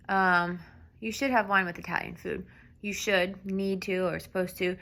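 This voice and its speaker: Bright, gravelly woman explaining signs. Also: medium pitch, steady tone. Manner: informal, halting, lots of fillers and restarts. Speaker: sign language teacher.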